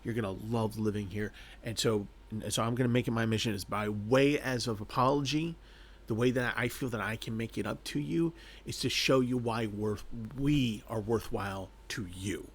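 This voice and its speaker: An eager young prince pleads his case, earnest and insistent, stacking up apologies. A man plays him close to his own lowish voice. He sounds determined to win her over. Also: normal speed, breathy edge.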